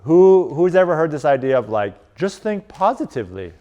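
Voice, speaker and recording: A man coaching a live audience in a casual, animated presentation. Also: on the high side, moderate pace. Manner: casual and animated, lots of "like" and "right?". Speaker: strength and performance coach. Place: conference room.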